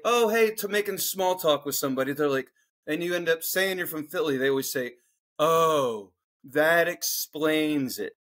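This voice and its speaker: A middle-aged man from Philadelphia, co-hosting a podcast and telling a profane, ranting story in casual chat. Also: fairly high pitch. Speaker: podcast co-host.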